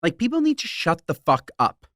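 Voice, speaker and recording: A man co-hosting a podcast, talking bluntly and emphatically. His pitch moves in an animated way, and the recording is dry and close. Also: normal speed, dry recording. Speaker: podcast host. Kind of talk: casual chat.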